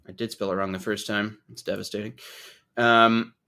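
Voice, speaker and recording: A man's voice: lowish voice, little pitch movement, moderate pace, bright, forceful tone, smooth. A man hosting a podcast in casual chat, joking and swearing freely while mocking himself. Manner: joking, profane, self-mocking. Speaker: podcast host.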